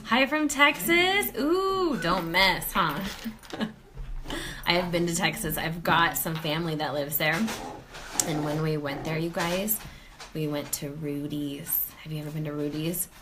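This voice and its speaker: A woman's voice: deep voice, unhurried, noisy background. A woman from Colorado hosting a casual live stream from home, greeting viewers by name and laughing often. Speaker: host of a live sales stream. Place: home, near the kitchen.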